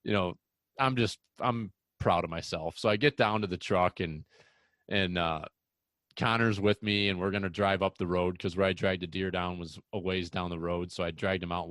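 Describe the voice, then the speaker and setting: A young man hosting a casual hunting podcast, telling rambling, excitable stories. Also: deep voice, no echo. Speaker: podcast host.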